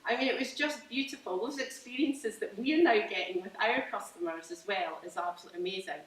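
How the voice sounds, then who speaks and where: In an informal talk in a roomy hall, a Scottish woman farmer describes her farm business with chatty enthusiasm, often restarting and using fillers. She speaks fairly quickly at medium pitch, recorded by a mic set well back.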